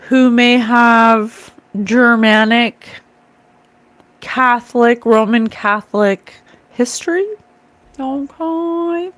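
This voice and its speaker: Slow-talking earnest woman psychic. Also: on the high side, no echo. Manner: earnest, emotional, talks to viewers in chat. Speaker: psychic medium streamer. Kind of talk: live-stream card reading, casual talk.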